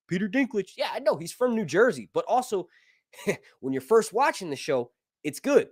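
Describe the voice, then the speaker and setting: A man from the United States rants through a casual commentary in a loose, opinionated way, dropping fillers and tag questions. His voice sits a bit high and swings widely in pitch. The recording is dry, with no room echo. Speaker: YouTube commentator.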